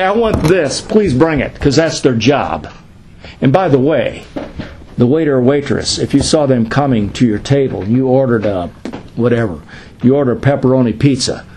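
A man's voice: medium pitch, darkish tone, a little hiss or hum, poor audio. Man pastor teaching a class. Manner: conversational, asks questions and answers them.

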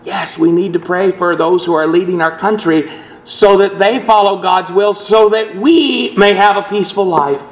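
A pastor with a somewhat high voice preaches a sermon to his congregation over poor audio. His delivery is earnest and measured, and he lends the scripture quotations a dramatic lift.

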